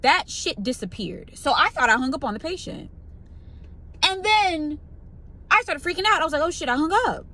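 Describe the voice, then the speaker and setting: Animated, exasperated young woman ranting. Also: sits high, normal speed, pauses often. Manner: profane, exasperated, animated retelling with quoted voices. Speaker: pharmacy technician. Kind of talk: ranting storytime vlog.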